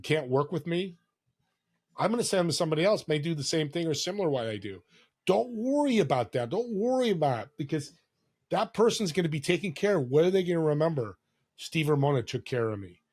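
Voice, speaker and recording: A man, a podcast guest, talking earnestly in a casual interview and telling stories with acted-out quotes. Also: fairly high pitch. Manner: earnest storytelling, acts out quoted voices.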